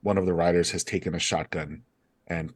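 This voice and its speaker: A man's voice: low-pitched, flat delivery, brisk, breathy edge. A man running an improvised tabletop game as game master, narrating in a hesitant, apologetic way with many fillers.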